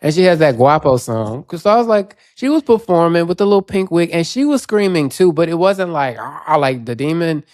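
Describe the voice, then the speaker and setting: A man co-hosting a podcast, telling stories in a chatty, animated way. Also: fairly high pitch, fairly quick, few pauses, no room sound, clean studio sound. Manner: chatty, animated storytelling with quoted asides. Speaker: podcast co-host. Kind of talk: casual chat.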